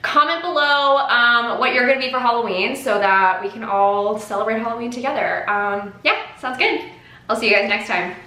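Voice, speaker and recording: This beauty vlogger has a fairly high, sharp-toned voice and speaks at a moderate pace. Chatting casually through a makeup tutorial, she's exclamatory and uses many fillers, with a roomy echo on the recording.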